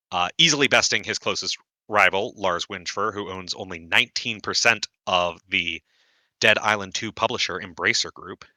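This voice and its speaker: A man's voice: fairly low pitch, bright, forceful tone, no echo. A man presenting a mock award on a live stream, reading out figures in a wry tone with some fillers.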